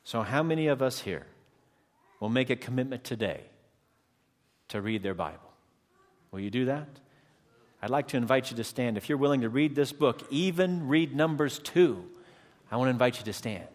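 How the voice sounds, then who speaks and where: A man's voice: medium pitch, animated, moderate pace, pauses often. A man preaching a sermon as pastor, addressing his congregation and calling out for amens. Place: church sanctuary. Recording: long hall reverb.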